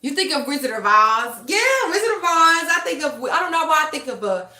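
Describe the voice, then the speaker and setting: A young woman chats with her viewers on a livestream, high-pitched and animated, her voice swooping up and down. The tone is bright and the room is echoey. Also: a little fast. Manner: animated, laughs often, talks straight to chat. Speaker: tarot reader and livestream host. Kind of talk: casual livestream chat with viewers.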